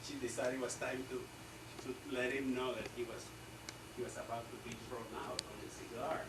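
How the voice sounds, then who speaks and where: A man's voice: medium pitch, level tone, fairly quick. An older man, an artist, telling jokes and stories in a rambling, laughing way, recorded from a distance in an echoey, noisy room. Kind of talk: casual joke-telling. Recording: echoey room, distant mic, loud noise.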